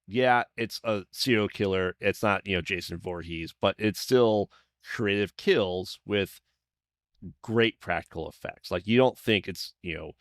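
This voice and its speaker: A man hosting a podcast talks in a very low voice, easygoing and casual, often restarting his sentences. The sound is dry and close to the mic. He keeps agreeing with his guest. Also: unhurried, no room sound. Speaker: podcast host. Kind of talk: casual conversation.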